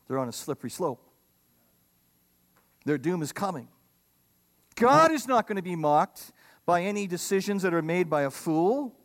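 A middle-aged man preaching a sermon, animated, with loud emphatic lines and humorous asides. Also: on the high side. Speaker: pastor.

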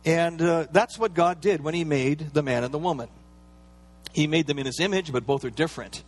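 A man's voice: a little high, fairly quick, faint music behind. Man preaching in a conversational tone. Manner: conversational preaching with fillers and playful asides. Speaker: pastor. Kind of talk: sermon.

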